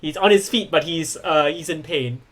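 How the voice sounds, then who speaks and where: High-voiced man running a wrestling game. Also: normal speed, a bit bright. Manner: playful, laughs often, draws out moves. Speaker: game master. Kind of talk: narrating a tabletop wrestling game.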